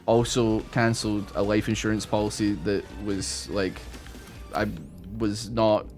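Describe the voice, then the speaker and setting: A man rambling through an animated, swear-filled story while commentating on a video game he is playing. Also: on the low side, a little slow, faint music behind. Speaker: gaming YouTuber. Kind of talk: casual gameplay commentary.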